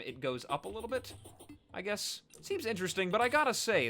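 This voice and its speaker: A man giving chatty, excitable gameplay commentary as host of his let's play series, often poking fun at himself. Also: on the high side. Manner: excitable, chatty, self-mocking.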